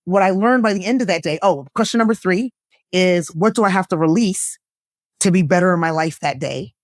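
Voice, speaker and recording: A woman guest, an actress and lifestyle coach, speaking earnestly and reflectively in a candid conversation, her voice jumping up when she laughs or gets excited. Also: a little fast, dry recording, studio quality. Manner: earnest and reflective, with bursts of laughter and pitch jumps.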